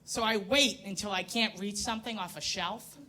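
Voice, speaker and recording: A New York woman in her thirties does a crude, self-mocking stand-up set on a comedy club stage, speaking at normal speed with a medium pitch. She's brash, and in some bits she puts on loud voices.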